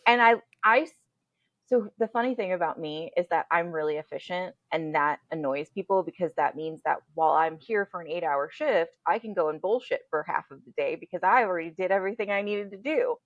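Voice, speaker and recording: A woman with a low, dry voice chatting candidly as a podcast host. The audio is a little dull and lo-fi, like a home computer mic on a call. She tells stories with lively, unfiltered energy. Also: brisk, no room sound. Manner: candid, animated storytelling, swears freely. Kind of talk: casual chat. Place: home, indoors. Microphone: computer mic on a video call.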